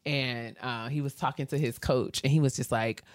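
A young adult woman co-hosting a podcast, telling stories in a chatty, animated way. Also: normal speed, dry recording, clean studio sound. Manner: animated storyteller, does high gushing impressions. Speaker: podcast co-host. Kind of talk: casual chat.

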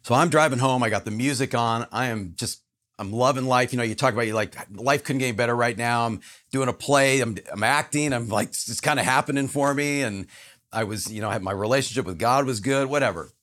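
A man's voice: medium pitch, a little fast, a bit bright. A man telling a personal story as a podcast guest, earnest and emphatic.

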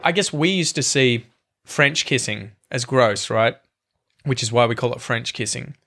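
A man's voice: mid-range voice, measured pace, vocal fry, bright, forceful tone. A man in his thirties with an Australian accent, a guest chatting casually on a podcast, hedging and poking fun at himself. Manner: chatty, hedging and self-deprecating. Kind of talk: casual chat.

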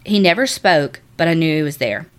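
A woman co-hosting a casual podcast, reading out a listener's ghost story and chatting with lively swearing and laughter. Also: low-pitched, brisk. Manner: animated, swears, laughs often. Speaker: podcast co-host.

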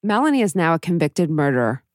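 A woman hosting a podcast, explaining things in a measured way. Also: low voice, sing-song. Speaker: podcast host. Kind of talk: podcast narration and discussion.

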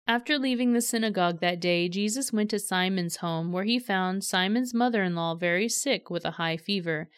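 Woman reading bible passages, smooth clear voice, dry close sound, steady pace. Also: medium pitch, dry recording. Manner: steady, measured storytelling delivery. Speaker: scripture reader. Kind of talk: reading scripture aloud.

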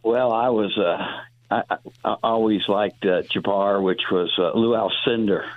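A man in his sixties, a deli owner calling in to a radio show, talking in a halting way with many restarts. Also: on the low side, fairly even intonation, dry recording. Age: 60s. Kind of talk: casual radio interview on the phone. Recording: dry tinny phone line.

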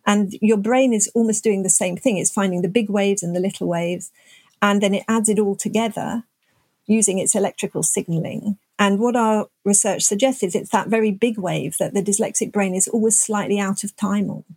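Husky older woman explaining research. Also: mid-range voice, steady tone, normal speed, darkish tone, no echo. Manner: thoughtful, explains with analogies. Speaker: neuroscientist guest. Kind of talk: explanatory interview answers.

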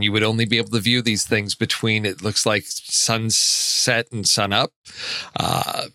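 Bright-voiced rambling male podcast co-host. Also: fairly low pitch, no echo. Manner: rambling, restarts, frequent laughs. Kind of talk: casual movie chat.

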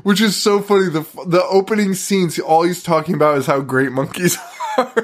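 A man's voice: high voice, brisk. A man co-hosting a podcast in casual chat, swearing freely and breaking into laughter all the time. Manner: profane, laughs constantly, excitable. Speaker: podcast co-host.

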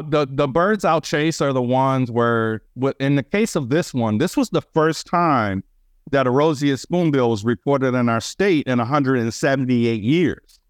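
A man telling stories as a birding guest on a radio chat show, animated and excitable, with lots of fillers. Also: mid-range voice, no room sound, clean studio sound. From Wisconsin, USA.

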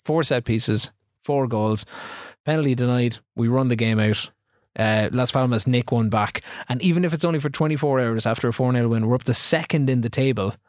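A man co-hosting a casual chat, recapping events in a relaxed storytelling way with dry asides. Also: medium pitch, fairly quick, no echo. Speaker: podcast co-host.

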